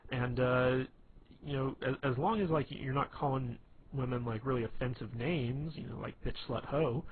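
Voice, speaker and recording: Gravelly man rambling over a tinny line. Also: medium pitch, normal speed. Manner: rambling, many fillers like "you know". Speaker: presenter. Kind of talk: casual explanatory talk. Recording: tinny phone-like with faint hiss.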